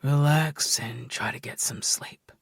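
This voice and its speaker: An actor voicing an earnest, guarded young man in an audiobook, speaking in a husky, breathy half-whisper. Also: no room sound, studio quality. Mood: gentle. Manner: low, intimate and deliberate. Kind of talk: audiobook dialogue.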